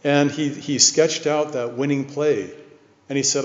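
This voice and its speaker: A man delivers an earnest, measured sermon, his voice ringing out through a long, echoing hall. The sound is muffled and lo-fi, like an older church recording. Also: on the high side, steady tone. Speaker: preacher. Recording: echoey hall, dull lo-fi sound.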